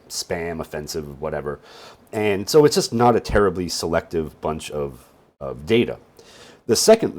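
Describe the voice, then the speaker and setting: A deep, slightly husky man talks through a casual tutorial, sounding sleepy. His delivery wanders up and down a lot, with wry little jokes tossed in between explanations. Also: darkish tone. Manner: rambling, with wry joking asides. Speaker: database instructor. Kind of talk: casual screen-share tutorial.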